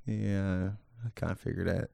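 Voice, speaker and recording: A man co-hosting a casual podcast, laid-back and reacting with quick quips. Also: fairly even intonation, creaky, mellow, dry recording, clean studio sound. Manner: laid-back, reacts with short quips, jumps in pitch when surprised. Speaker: podcast co-host. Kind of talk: casual chat.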